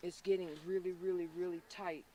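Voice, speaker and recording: A man from Florida working as a psychic medium on an outdoor paranormal investigation, talking intensely and haltingly with many restarts. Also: high voice, monotone, warm tone, far from the mic. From Florida, USA. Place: outdoors by a reservoir.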